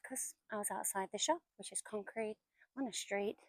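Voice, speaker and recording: A woman's voice: mid-range voice, moderate pace, no room sound, low-quality recording. A woman in her forties who chats and tells stories while walking outdoors through woods, now and then dropping to a whisper. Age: 40s. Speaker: vlogger. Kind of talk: casual walking vlog narration. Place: outdoors in woodland.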